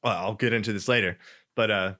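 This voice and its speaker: A man co-hosting a casual podcast chat, telling a story in an animated way and acting out quoted voices. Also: lowish voice, fast. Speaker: podcast co-host.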